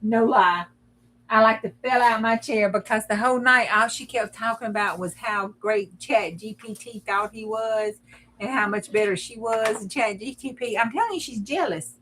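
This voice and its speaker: A woman's voice: fairly high pitch, normal speed, fairly bright tone, slight background noise. A woman, chatting casually and telling stories in her craft vlog, bossy with her smart speaker. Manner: chatty, storytelling, bossy with the assistant. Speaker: craft vlogger. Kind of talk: casual chat.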